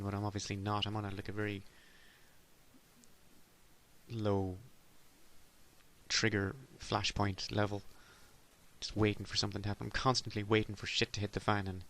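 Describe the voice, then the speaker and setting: A man's voice: lowish voice, fairly even intonation, fairly quick, long pauses, fairly bright tone. A man from Ireland hosting a solo comedy podcast, rambling in a self-deprecating way with sudden exasperated outbursts. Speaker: podcast host.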